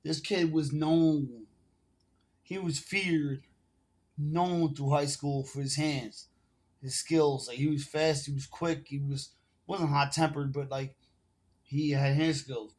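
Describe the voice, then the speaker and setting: Into his phone camera, a man in his forties tells a long personal story in casual, rambling street slang, swearing throughout. His voice is on the high side, steady in tone, slow and darkish.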